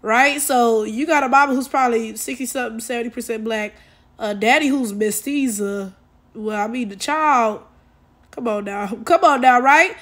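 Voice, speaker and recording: A woman ranting in a casual commentary video, exasperated and animated, using lots of slang and talking straight to her viewers. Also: a little high, moderate pace. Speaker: commentary YouTuber.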